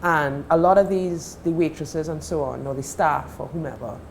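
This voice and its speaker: A woman's voice: low-pitched, normal speed, gravelly, slight background noise. A Trinidadian woman telling stories as a guest in casual chat in a TV studio. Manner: chatty, storytelling.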